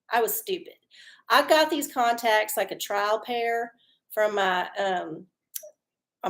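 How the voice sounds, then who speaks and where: Chatty high-voiced woman streamer. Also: fairly bright tone. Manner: chatty, folksy, swears freely and laughs often. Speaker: livestream host doing oracle readings. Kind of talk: casual live-stream chat.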